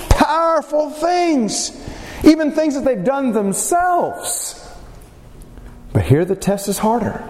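A man delivers a sermon, his voice pitched high as he acts out the scripture quotes. He sounds like he is in a church hall with a long echo. Faint ambient noise sits behind him. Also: darkish tone. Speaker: preacher.

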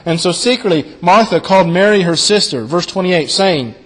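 A man preaching a sermon, earnest and repetitive, who slows down and drops his voice softly for emphasis. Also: high voice, lively intonation, long reverb tail. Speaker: pastor. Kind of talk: sermon on a Bible passage.

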